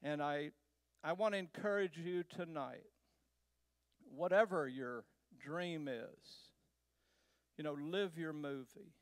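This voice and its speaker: A man from Texas, a guest speaker, telling a personal travel story to a church in a slow, unhurried way with pauses. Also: a little high, no echo. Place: church sanctuary.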